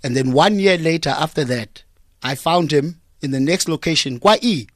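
A South African man on a studio microphone, speaking in a fairly high register for a man. He tells jokes in a deadpan, storytelling way. The sound is close and dry, with no room echo. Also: moderate pace. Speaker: comedian guest. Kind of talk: joking radio interview chat. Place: radio studio.

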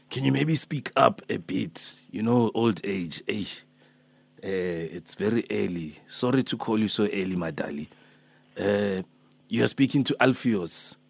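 A man's voice: fairly low pitch, gravelly, breathy edge, no echo, exaggerated voice. A man voicing a fussy, pleading elderly man who chases a debt in a prank phone call, rambling and hesitant. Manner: rambling, hesitant, calls her Mama and my darling.

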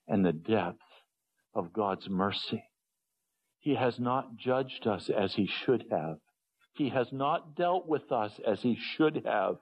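A man preaching an earnest sermon, dropping to low hushed tones and rising to pleading ones. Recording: dull lo-fi sermon recording.

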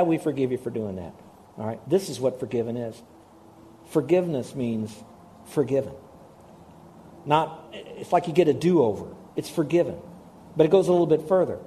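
Mellow-voiced man preaching a sermon. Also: on the high side. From Hawaii. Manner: conversational preaching, repeats key words for emphasis. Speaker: pastor.

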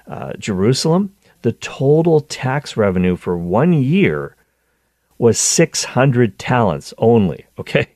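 A man hosting a show, giving a conversational teaching talk on scripture, animated and full of restarts. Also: on the low side, dry recording, studio quality. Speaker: Catholic teacher and show host.

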